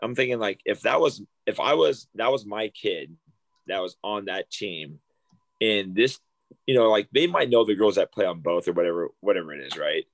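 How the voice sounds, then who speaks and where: Male co-host, very deep voice, rambling casual venting, dry close sound. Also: lively intonation, moderate pace, dry recording. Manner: rambling, filler-heavy venting. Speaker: podcast co-host, parent. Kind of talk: casual chat.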